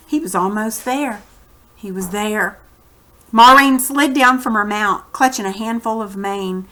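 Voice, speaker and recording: A woman teacher reads a story aloud to her students, pausing to explain words and set up the lesson. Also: a little high, fairly bright tone. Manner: slow, careful, explanatory teacher talk.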